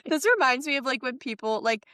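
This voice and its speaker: A woman's voice: high-pitched, expressive, a little fast, bright, forceful tone, dry recording, clean studio sound. A woman co-hosting a podcast in casual chat, reacting with frequent "like"s and playful asides. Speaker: podcast co-host.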